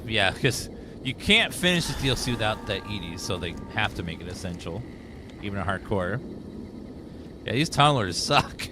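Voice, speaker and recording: Casting: lowish, lively-voiced male streamer, rambling and chatty, loud game sound under him. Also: very noisy. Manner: rambling, chatty, talks to chat. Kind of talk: casual let's play commentary.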